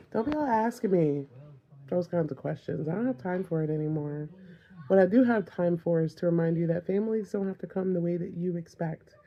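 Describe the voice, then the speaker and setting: A woman's voice: fairly low pitch, normal speed, lo-fi sound. A young mother with a Southern accent talking casually to the camera, frank and exasperated.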